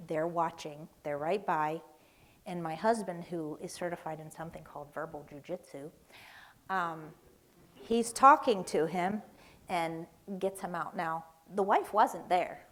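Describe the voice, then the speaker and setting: A woman's voice: fairly low pitch, measured pace. A woman from Tennessee giving a seminar talk in a church hall, conversational and storytelling, often checking in with "right?". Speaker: seminar speaker.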